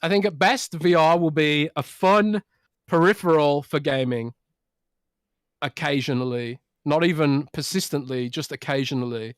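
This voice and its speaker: A man's voice: on the high side, moderate pace, no room sound, clean studio sound. Ranting podcast co-host man. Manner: animated ranting, many restarts. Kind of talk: casual chat.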